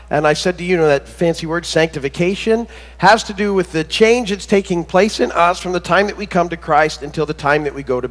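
A pastor with a high voice preaches to his church, talking casually and haltingly, full of "uh"s and restarts. He slips corny jokes in between the teaching. His voice rings with the long reverb of a big church hall. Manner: conversational, halting with many fillers and restarts. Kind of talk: sermon.

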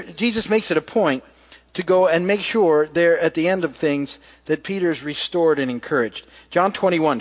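A man with a fairly high voice preaches in a relaxed, conversational way. He tells scripture as a story and reads passages aloud. Quoted lines come out softer and quieter. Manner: casual, storytelling, acts out quoted lines softly. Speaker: pastor. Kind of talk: conversational sermon with scripture reading.

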